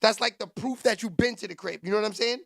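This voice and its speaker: Man, very high pitched, gravelly, dry close sound, loud mocking reaction commentary, slangy. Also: quick pace, no echo.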